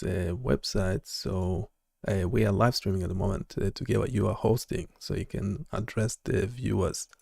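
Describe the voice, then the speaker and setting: A man hosting a live coding stream, chatting casually and haltingly with lots of fillers and restarts. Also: lowish voice, vocal fry, warm tone, husky, no room sound, clean studio sound. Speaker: live-stream host and developer.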